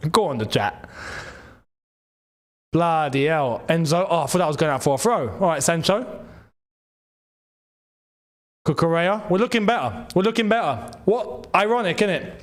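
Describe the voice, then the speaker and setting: A man hosting a live football watchalong, reacting excitably and shouting and laughing at the action while his voice goes. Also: on the high side, measured pace, pauses often. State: losing his voice.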